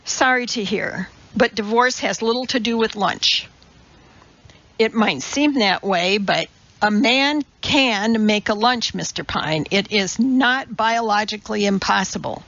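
A woman voicing a no-nonsense woman chemist who scolds in clipped, exact phrases. The delivery is slow and gravelly, and the recording sounds a bit dull. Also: medium pitch, fairly bright tone, no echo. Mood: indignant. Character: brisk, imperious woman chemist, indignant mother.

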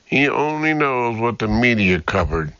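A man's voice: medium pitch, sing-song, unhurried, sharp tone, clean tone, no echo, highs cut off. A man voicing a determined female ex-cop who pleads her case steadily and earnestly.

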